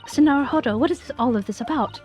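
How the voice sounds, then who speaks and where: A woman's voice: sits high, fast, darkish tone, faint music behind, pitched above the performer's own voice, natural voice. A woman voicing a stiff, formal male official, reading game lines aloud. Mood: curt. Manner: formal and curt.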